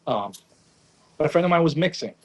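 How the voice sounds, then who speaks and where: Young male chef, Naples-raised, animated storyteller acting out quotes in casual interview talk. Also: fairly high pitch, brisk, poor audio. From Naples area, Italy. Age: young adult. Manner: animated, acts out quotes, frequent "right?" tags. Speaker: pizza chef guest.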